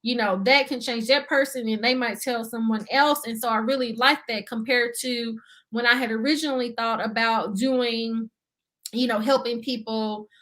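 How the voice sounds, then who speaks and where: A woman's voice: fairly high pitch, steady tone, normal speed, a bit bright. A young adult woman, a guest on an interview show, talking earnestly about budgeting in casual chat, full of fillers. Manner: earnest, talkative, many fillers and "you see what I'm saying".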